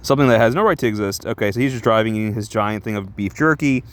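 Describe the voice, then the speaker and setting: A man chatting his way through a comic book review in a loose, rambling manner, swearing casually and laughing often. His voice sits low, and he stops to correct himself as he talks. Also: fast.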